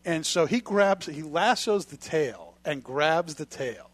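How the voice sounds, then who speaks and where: A man co-hosting a podcast, telling stories in a relaxed, chatty way. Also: a little high, takes it slowly, no room sound. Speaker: podcast co-host. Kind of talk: casual chat.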